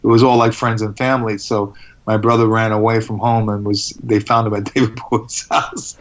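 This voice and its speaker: A rambling, animated man on a dull line. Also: lowish voice, fairly quick, slight background noise. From United States. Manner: rambling, animated storytelling with laughs and restarts. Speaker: guest. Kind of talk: casual interview.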